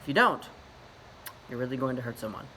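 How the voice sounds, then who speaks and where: Male reader doing a firm, loving narwhal mother, calm and coaxing, bright voice. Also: medium pitch, a little fast, a little hiss or hum, low-quality recording.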